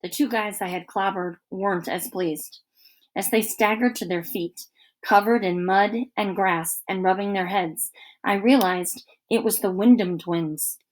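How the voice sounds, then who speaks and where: A woman narrating a children's book aloud in an expressive, lively storytelling manner. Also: medium pitch, measured pace. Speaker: audiobook narrator.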